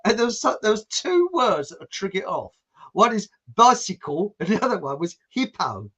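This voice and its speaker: A man's voice: high-pitched, sing-song, fast talker, a bit bright. A man from England in a casual chat, telling stories with frequent laughs and putting on accents. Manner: anecdotal, laughs often, mimics accents. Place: home.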